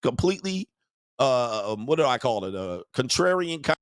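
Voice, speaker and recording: A man's voice: mid-range voice, big pitch swings, normal speed, dry recording, studio quality. A man hosting a show, delivering a crude, mocking livestream rant and laughing often. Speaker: show host.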